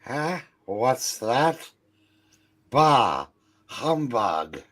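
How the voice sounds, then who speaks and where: A man voicing a stingy, grumpy old miser as he reads a comic book aloud, in a gruff, scolding manner. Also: mid-range voice, big pitch swings, extremely slow, a bit bright, heavily acted.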